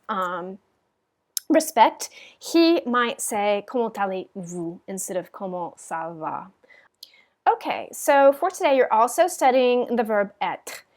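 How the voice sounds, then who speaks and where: A woman teaching a French class in a recorded lecture, patiently explaining with frequent ums and modelling the phrases aloud. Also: fairly high pitch.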